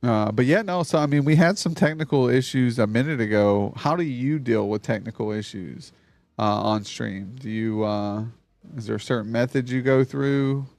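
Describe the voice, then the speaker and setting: A man's voice: mid-range voice, moderate pace, a little mellow. A man hosting a live stream, chatting casually and loosely with a guest and his chat and swearing freely. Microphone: streaming mic on a mixer.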